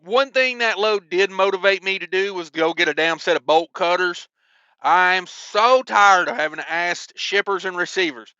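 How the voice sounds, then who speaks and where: A man's voice: fairly high pitch, sharp tone, smooth, no room sound, lo-fi sound. A man who drives a truck, telling road stories in a casual, joking way with lots of ums and asides. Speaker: owner-operator trucker. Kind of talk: casual vlog storytelling.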